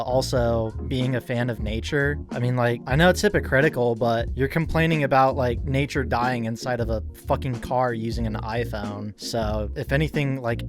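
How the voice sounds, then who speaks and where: A man giving mocking, laid-back reaction commentary from home into a computer microphone. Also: mid-range voice.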